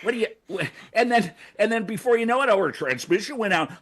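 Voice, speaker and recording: Older man ranting comically, high and animated. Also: fast, breathy edge. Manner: stammering, acts out scenes in shouted voices. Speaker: segment host. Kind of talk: comic rant. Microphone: video call.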